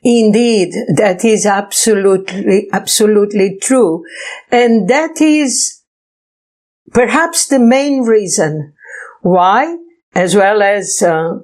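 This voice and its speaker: A woman from Portugal speaks as a guest over a video call. She talks slowly and graciously, with small pauses and restarts as she gathers her thoughts. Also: medium pitch, darkish tone. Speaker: interview guest. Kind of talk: conversational interview answers.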